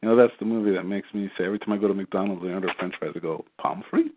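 Deep fast-talking man on a phone line. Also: fairly even intonation. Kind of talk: casual chat. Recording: tinny phone line with faint noise.

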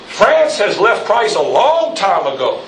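A man's voice: high-pitched, huge pitch swings, a little slow, distant mic, a little hiss or hum. A man preaching a fiery sermon as pastor, rising in intensity and calling on the congregation for amens. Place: church sanctuary. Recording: echoey church, mic from afar.

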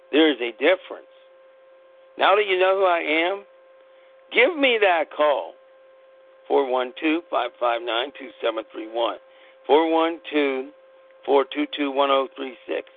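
A man hosting a podcast, delivering a blunt, preachy, impassioned monologue and swearing casually. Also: on the high side. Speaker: podcast host. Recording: tinny phone-line sound with mains hum.

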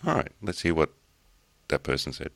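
Super low gravelly guy hosting a podcast, laughs a lot, dry close sound. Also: sing-song, normal speed, a bit bright, no room sound. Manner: laughs often, joking. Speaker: podcast co-host. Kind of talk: casual chat.

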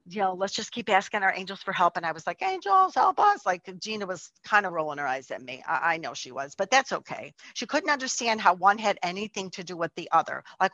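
A woman's voice: fairly low pitch, fairly bright tone, no echo, muffled recording. A woman telling a personal testimony in a chatty way, full of likes and restarts. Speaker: storyteller.

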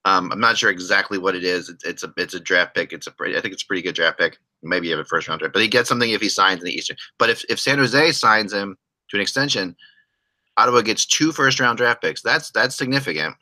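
Male podcast host, middle-aged, low and bright voice, loose joking delivery with restarts. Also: fast, low-quality recording. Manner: rambling, restarts often, joking. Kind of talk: casual hockey podcast chat.

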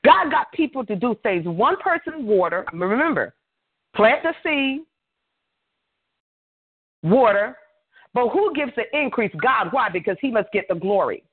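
A woman preaching a fervent sermon, reading scripture slowly and calling out hallelujahs. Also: on the high side, sing-song, breathy edge. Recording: tinny phone line.

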